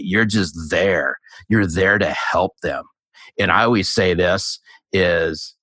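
A man in his fifties, a guest author on a sales podcast, telling stories in a casual, animated way and acting out the dialogue. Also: low-pitched, dry recording, clean studio sound. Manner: animated storyteller, acts out quoted dialogue. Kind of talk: casual storytelling interview.

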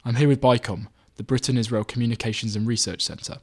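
A man reading his own magazine article aloud in measured, even scripted narration. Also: medium pitch, husky.

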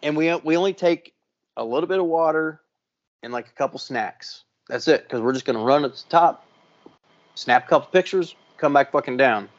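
A man's voice: on the high side, normal speed, no room sound, highs cut off. A man telling a long story on a casual podcast, swearing often and acting out the other people in it. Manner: profane, animated storyteller. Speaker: podcast co-host.

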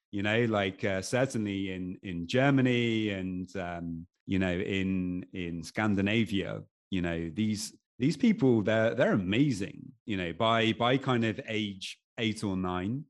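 A middle-aged English man with an English accent, a podcast guest talking casually with many restarts and fillers. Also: on the low side. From England. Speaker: podcast guest, anxiety coach. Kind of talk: casual conversation.

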